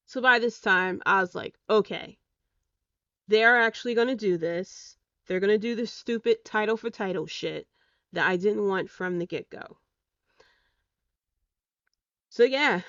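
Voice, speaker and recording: A woman's voice: mid-range voice, a bit bright, dry recording, distant mic, lo-fi sound. A woman hosting a solo podcast, giving a blunt, exasperated review and swearing freely. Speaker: podcast host.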